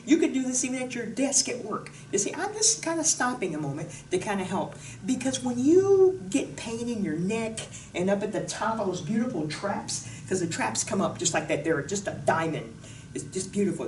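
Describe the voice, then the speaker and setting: A woman's voice: mid-range voice, darkish tone, recorded from a distance. Bubbly woman fitness instructor, roomy sound. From Pacific Northwest of the US. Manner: bubbly, jokey, chatty. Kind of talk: casual exercise demonstration. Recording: roomy echo, voice from off the mic, faint noise.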